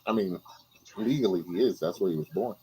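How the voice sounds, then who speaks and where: A man's voice: sits low, a little fast, warm tone, slightly rough. Dry, teasing man on a podcast. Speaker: podcast co-host. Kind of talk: casual sports podcast banter.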